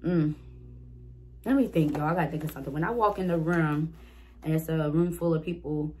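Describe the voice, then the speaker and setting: A woman's voice: sits low, a little fast, dark tone, slight background noise. Chatty young woman answering viewer questions. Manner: chatty, talks straight to viewers as "y'all"; reads out each question, then answers it. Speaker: vlogger. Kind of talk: casual get-to-know-me Q&A.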